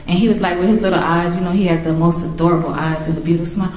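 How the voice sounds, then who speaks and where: Animated woman telling stories about her son. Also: on the low side, rapid-fire, hardly any pauses. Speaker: victim's mother, interviewed. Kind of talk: emotional personal storytelling in an interview. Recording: echoey room.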